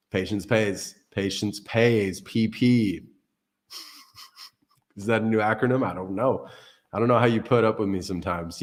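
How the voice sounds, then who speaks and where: A man hosting a casual livestream, rambling and joking between tech tips, swearing casually. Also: lowish voice. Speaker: crypto livestream host. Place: Portugal.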